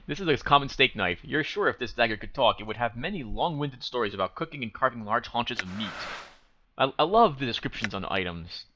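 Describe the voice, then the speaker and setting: Bright-voiced man reading a game aloud. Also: medium pitch, lively intonation. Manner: reads dialogue and narration aloud, with quick asides. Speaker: let's play host. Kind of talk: casual gameplay commentary reading game dialogue aloud. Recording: slightly dull home mic with faint noise.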